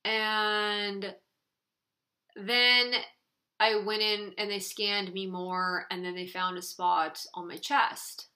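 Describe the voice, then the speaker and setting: A young woman chatting straight to camera in a casual vlog, telling her own story candidly and earnestly. Her voice is bright and forward, at an ordinary middle pitch for a woman. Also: flat delivery, slow pace. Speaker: vlogger. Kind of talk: casual sit-down vlog chat.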